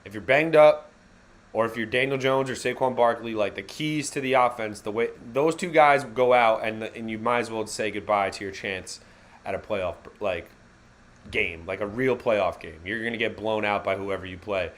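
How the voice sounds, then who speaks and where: A man hosting a live fan reaction stream, calling the game play by play in a casual, wisecracking way with slang and quick self-corrections. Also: lowish voice, fairly even intonation, a bit bright.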